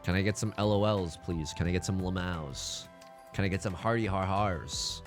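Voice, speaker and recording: A young man streaming a mahjong game, chatting casually and joking with playful, drawn-out emphasis. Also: low voice, over music. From China. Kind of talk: casual live-stream commentary while playing mahjong.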